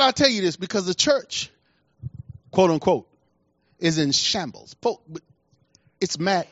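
A man's voice: fairly high pitch, fairly bright tone, no room sound. A middle-aged man preaching a sermon in a folksy, colloquial way, acting out the voices of the people in his stories. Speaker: pastor. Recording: dull lo-fi dry recording.

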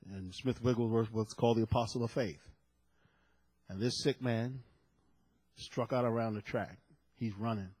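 A man's voice: on the low side, breathy edge. A male preacher delivering a sermon, emphatic and dramatic, repeating key phrases for effect. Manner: dramatic storytelling with sudden loud peaks.

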